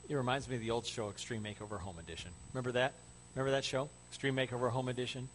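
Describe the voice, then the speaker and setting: A man preaching a sermon as a pastor, building to loud excitement and then dropping to hushed, soft tones. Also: medium pitch, racing, a little hiss or hum.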